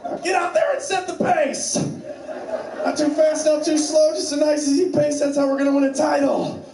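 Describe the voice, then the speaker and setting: A man's voice: very high voice, level tone, normal speed, creaky, a little mellow. A man voicing an over-pumped male basketball coach giving an absurd, earnest pep talk in a stand-up act. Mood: rallying. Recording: echoey club stage from far off.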